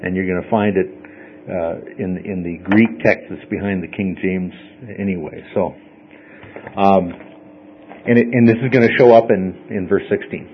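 In a classroom, a man teaches a Bible study group, explaining things step by step conversationally and frequently checking in with "okay?". His voice is low, with fairly even intonation and a moderate pace, and the recording has the highs cut off plus a little hiss or hum.

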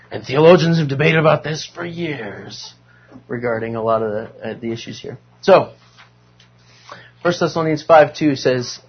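A man's voice: medium pitch, slightly rough, highs cut off. A man leading a Bible study class, talking conversationally and asking the group questions.

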